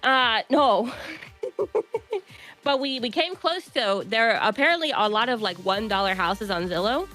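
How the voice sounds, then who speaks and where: A woman's voice: fairly high pitch, expressive, measured pace, bright, forceful tone, faint music behind, rough recording. A woman chatting as a guest player, playful and giggly. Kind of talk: casual chat.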